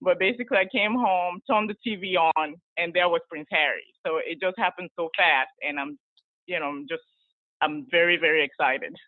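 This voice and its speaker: A woman co-hosting a podcast, telling a story in casual chat with animated laughs. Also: fairly low pitch, moderate pace, dry recording. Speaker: podcast co-host. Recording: tinny phone-like call line.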